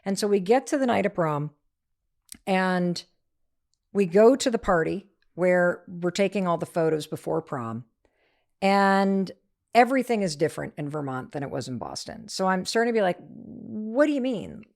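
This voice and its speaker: A middle-aged woman, an author, telling a story as an interview guest, lively and acting out the voices of the people in it. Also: on the low side, moderate pace. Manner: energetic, acts out quoted voices.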